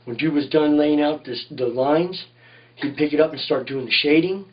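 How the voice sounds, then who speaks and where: A man's voice: a little high, moderate pace, recorded from a distance, lo-fi sound. A man, a tattoo artist, telling shop stories in a rambling, profane way in a casual interview, often saying "you know what I mean".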